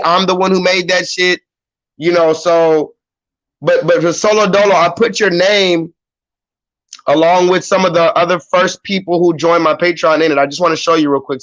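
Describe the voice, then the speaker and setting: A man's voice: on the high side, flat delivery, moderate pace, a bit bright, muffled recording. A man hosting his own livestream, talking loosely and with swearing straight to his viewers. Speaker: YouTube livestream host. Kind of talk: casual livestream chat.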